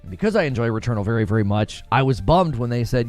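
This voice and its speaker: A man at a middling pitch rambles through casual live-stream commentary, restarting sentences and leaning on fillers. He reads viewer comments aloud and answers them as he goes. Faint music plays in the background. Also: big pitch swings, moderate pace, darkish tone, dry recording. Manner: rambling, repeats words, many fillers. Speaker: gaming streamer.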